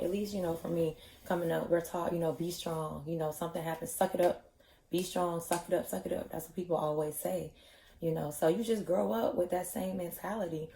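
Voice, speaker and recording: A woman's voice: lowish voice, vocal fry, darkish tone. A woman chatting candidly in a casual vlog about her yoga training, with lots of "you know" fillers. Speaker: vlogger, yoga instructor trainee. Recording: echoey room.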